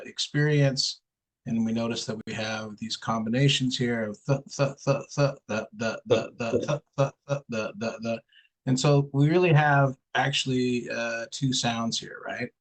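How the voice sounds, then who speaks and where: In a roughly recorded online lesson, a man with a mid-range voice coaches one student on English pronunciation. He goes slowly and patiently, repeating sounds over and over for the student to copy.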